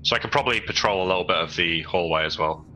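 A man's voice: deep voice, fast talker, poor audio. A man playing a tabletop game in casual chat, restarting and repeating words as he asks rules questions. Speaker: player.

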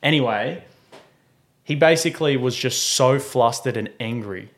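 A man's voice: mid-range voice, unhurried. A young man telling a story in casual podcast chat, acting out the people in it and laughing often. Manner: animated, acts out quoted voices, laughs often.

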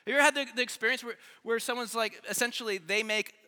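A man preaching an earnest, energetic youth sermon, repeating phrases for emphasis, in a large church hall. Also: very high-pitched, fast talker. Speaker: youth pastor. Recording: long hall reverb.

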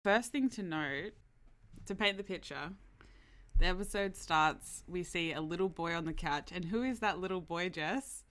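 Podcast co-host, woman, bright forceful tone, low-ish pitch, chatty. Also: moderate pace. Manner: chatty, many fillers, laughs often. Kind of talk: casual chat.

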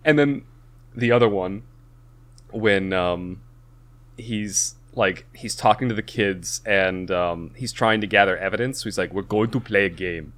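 Guy with a lowish voice chatting about a movie, acts out the scenes. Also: a little slow. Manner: animated retelling, acts out characters. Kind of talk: casual movie review chat.

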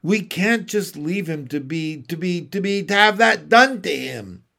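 A man's voice: high-pitched, lively intonation, a little slow, gravelly, sharp tone, pitched above the performer's own voice, full character voice. A man reading aloud from a storybook, voicing an earnest, impatient boy who stumbles eagerly over his words. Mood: urgent.

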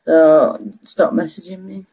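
A woman's voice: low-pitched, fairly even intonation, unhurried, mellow, slightly rough. A young woman in her twenties, co-hosting a casual chat show and telling stories while laughing often. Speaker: podcast co-host.

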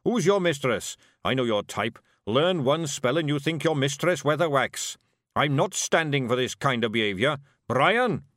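A man performs a pompous male dwarf who runs a magic shop, raised and blustering in a storybook reading. His voice sits higher and louder than the reader's own, sharp with indignation. The sound is close and dry. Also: expressive, a little slow, no room sound, close to an everyday voice. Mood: indignant.

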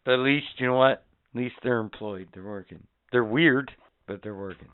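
Middle-aged man, blunt, profane, casual podcast banter, smooth voice, tinny lo-fi sound. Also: mid-range voice, moderate pace, dry recording. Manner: profane, blunt fatherly advice, swings between mumbled asides and loud outbursts. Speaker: podcast co-host. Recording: tinny phone-like lo-fi audio.

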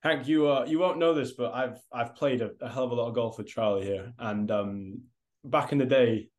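A man co-hosting an easygoing podcast speaks in a mid-range voice at a moderate pace over a video call. His talk is rambling and casual, sprinkled with offhand swearing and plenty of "mate."

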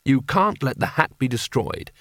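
A man's voice: mid-range voice, very animated, normal speed, fairly bright tone, dry recording, clean studio sound. A man voicing a scolding inner conscience that speaks in a matter-of-fact way. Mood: stern. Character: stern inner conscience voice, male.

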